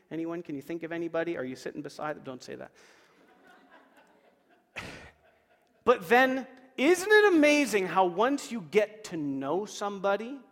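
A man preaching a sermon in an animated way, acting out inner voices and laughing now and then. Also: on the high side, in a large hall. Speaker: pastor.

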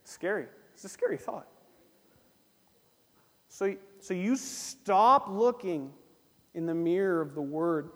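Man, pastor, animated sermon, high voice, repeats lines, long church-hall reverb. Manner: animated preaching, acts out little dialogues, repeats phrases.

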